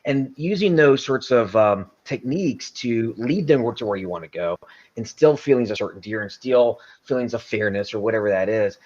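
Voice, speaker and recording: Halting male host on dull lo-fi audio. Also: mid-range voice, a little mellow. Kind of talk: casual interview chat.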